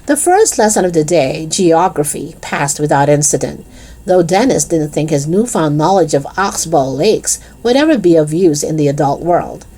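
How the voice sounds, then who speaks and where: Woman with a warm, lively storytelling voice. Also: low voice, normal speed, husky. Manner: expressive, lively reading. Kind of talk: children's chapter book read aloud.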